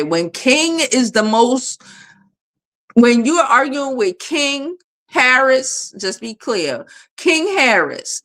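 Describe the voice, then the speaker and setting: A woman hosts a casual livestream on her phone and answers her viewers' comments. She speaks bluntly with a lot of swearing. Her pitch swings widely and with energy from line to line. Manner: blunt, profane, animated. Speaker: livestream host.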